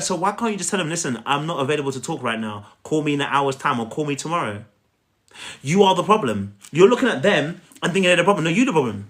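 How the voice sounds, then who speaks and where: Man, relationship coach, live stream talk, lively swooping pitch, fairly high voice, emphatic and repetitive. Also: fast. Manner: emphatic, repetitive, preachy, asks the audience to repeat after him.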